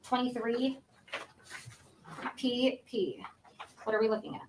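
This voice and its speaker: A woman's voice: on the high side, steady tone, slow pace, darkish tone, slight background noise, rough recording. A woman prosecutor questioning a witness in a courtroom, formal and methodical as she goes through the exhibits. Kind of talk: courtroom examination.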